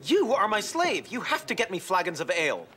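A man's voice: high-pitched, huge pitch swings, a little fast, pushed and bright, full character voice. An actor playing a smug, bossy man in a colonial-era sitcom scene. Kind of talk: sitcom acting.

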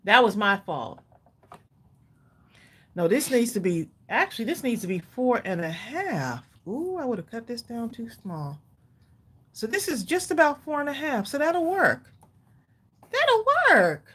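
Woman, craft livestream host, chatty, talks to viewers, husky, lively pitch. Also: measured pace. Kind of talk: live crafting tutorial chat.

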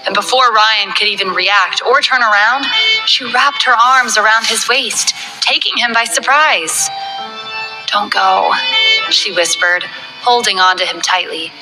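A woman reading a romance novel aloud in a soft, dramatic storytelling way. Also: medium pitch, rough recording. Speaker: audiobook narrator. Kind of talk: scripted narration of a romance novel. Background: background music.

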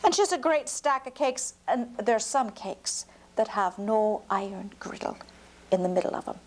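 A woman's voice: mid-range voice, animated, moderate pace. A woman telling a folk tale aloud to a child, slipping into whispers for suspense. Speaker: storyteller.

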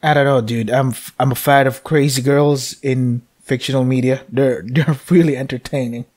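A man's voice: mid-range voice, fairly even intonation, normal speed, darkish tone. A young man playing a game, reading its text aloud with loose, joking commentary and frequent laughs. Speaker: let's play host.

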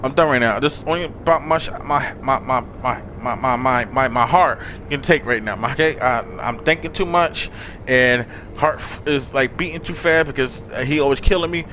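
A young man streaming a video game, shouting, cursing and shrieking in frantic play-by-play, then winding down in a tired sign-off. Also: normal speed, slight background noise. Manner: yelling, cursing, high-pitched shrieks when panicked. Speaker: gaming streamer. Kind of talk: frantic gameplay commentary.

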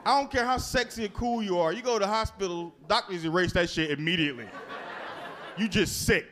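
A man's voice: high-pitched, fairly quick. A man doing live stand-up in a comedy club, telling crude, profane stories and working the crowd. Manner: profane, animated storytelling with crowd work.

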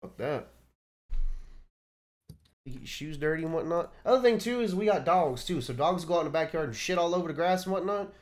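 A Texas man with a Texas accent, joking with friends on a stream. His pitch swings widely as he talks, and he swears freely with a Southern drawl. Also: animated, brisk, pauses often. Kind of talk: casual chat with friends.

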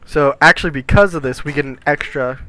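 A man's voice: a little high, brisk, sharp tone, no echo. A man casually commentating as he plays a puzzle game, reading its text aloud in silly voices and joking between moves. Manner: reads the game's lines aloud in put-on voices, jokey asides. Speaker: let's play gamer.

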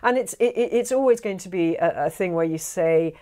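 A woman's voice: fairly low pitch, brisk, dark tone. A woman who narrates and directs audiobooks, chatting as a guest in a recording studio and often restarting and repeating words as she talks. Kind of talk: casual interview chat.

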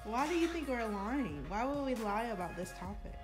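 A woman's voice: a little high, very animated, normal speed. A woman sharing family news, emotional and teary and laughing as she talks. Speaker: pregnant partner of the vlogger. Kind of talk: casual family chat. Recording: roomy recording with loud crowd and music.

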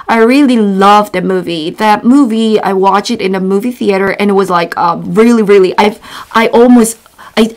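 A woman with a Korean accent, teaching a casual online language lesson, bubbly and repeating words slowly for learners. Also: mid-range voice.

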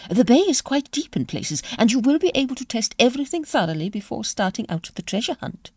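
A woman voicing a flustered, agitated aristocratic duchess with a high exclaiming voice and a slight gravelly edge. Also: very animated, a little fast, darkish tone, dry recording, studio quality. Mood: gossipy. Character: flustered aristocratic duchess, middle-aged aunt.

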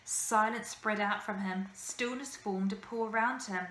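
A woman teacher reading a children's novel aloud with lively, expressive storytelling. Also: mid-range voice, a little slow, slight background noise. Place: school room. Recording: echoey room, faint ambience.

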